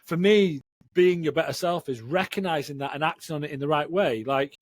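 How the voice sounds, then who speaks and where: A man, telling candid, animated stories as a podcast guest. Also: on the high side, fairly quick, no room sound. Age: 40s. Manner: frank, animated storyteller who swears casually. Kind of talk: candid conversational interview.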